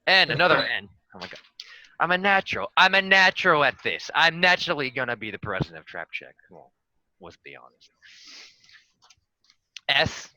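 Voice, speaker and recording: A man doing a cocky, boastful candidate with a very bright, tense voice, bragging and joking crudely in a dry, close-sounding room. His pitch jumps up when he boasts. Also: very animated, moderate pace, long pauses, dry recording, exaggerated voice, poor audio. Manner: boastful, swaggering, crude jokes. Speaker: player giving a joke campaign speech. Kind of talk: comedic in-character campaign speech.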